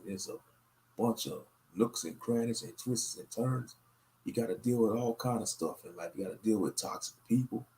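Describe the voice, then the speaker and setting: A man hosting a casual late-night livestream, talking in a low-key, monotone, rambling way and sounding tired and worn out. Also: creaky, slight background noise. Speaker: livestream host.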